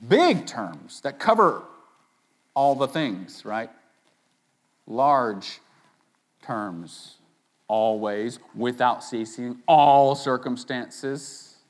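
A man preaching a sermon in an emphatic style, pushing key phrases hard and then dropping into quiet asides. He talks to his congregation like he's chatting with them, with playful interjections along the way. His voice sits at an ordinary middle pitch for a man. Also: lively intonation, extremely slow, long pauses. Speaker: pastor.

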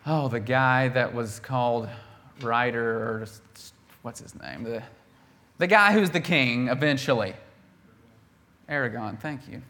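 Animated male preacher, conversational. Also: medium pitch, measured pace, pauses often. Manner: animated, acts out the quoted characters with bursts of volume; conversational, with laughs and restarts. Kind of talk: sermon.

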